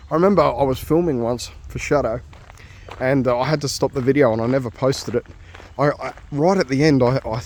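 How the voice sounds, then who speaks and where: A man's voice: mid-range voice, a little mellow, a little hiss or hum. A man with an Australian accent chatting casually while walking his dog outdoors, rambling with fillers. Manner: easygoing, chatty, many fillers and asides. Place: outdoors on a nature walk.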